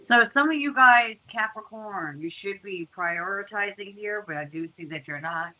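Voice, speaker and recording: A woman with a bright, forceful, mid-range voice speaks at normal speed over a low-quality recording. She gives her viewers a casual, chatty tarot reading, talking informally, repeating words, and saying "y'all."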